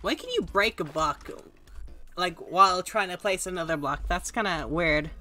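Woman streamer, low-ish voice with a bright edge, dry sarcastic chatter over faint music. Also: expressive, normal speed. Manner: sarcastic, self-mocking, chatty. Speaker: gaming streamer. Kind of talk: casual live gaming commentary.

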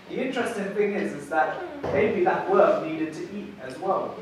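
High-voiced male pastor, animated storytelling sermon, heard from afar in a very echoey church hall. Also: normal speed, recorded from a distance, background noise. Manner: animated storytelling, repeats words when building a point.

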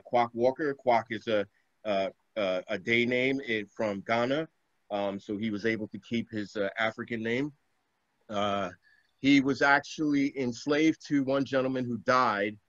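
A man's voice: mid-range voice, a bit bright, no room sound. A man, a poet, giving a virtual poetry reading. He speaks in chatty asides full of fillers, then recites in a rhythmic, emphatic way. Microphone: video call. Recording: dull lo-fi video call audio.

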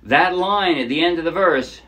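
In a relaxed instructional chat, a man with a slightly high voice and moderate pace teaches ukulele. He explains chords and counts the beats out loud while playing loudly.

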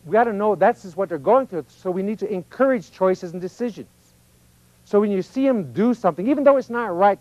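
A man's voice: high-pitched, darkish tone, dry recording, dull audio. A man giving an informal, folksy teaching talk, often acting out little voices of children and parents. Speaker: speaker on personal growth.

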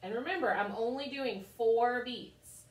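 A woman cheerfully chants rhythm syllables while teaching children a music lesson. Her voice is on the high side and unhurried, recorded from a distance in an echoey room.

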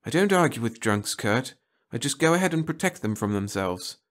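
A man's voice: mid-range voice, big pitch swings, moderate pace, a bit bright. A man doing a cold, efficient woman agent. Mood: cool, scolding. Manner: crisp, cutting, unsentimental. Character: cool efficient female agent, sharp-tongued.

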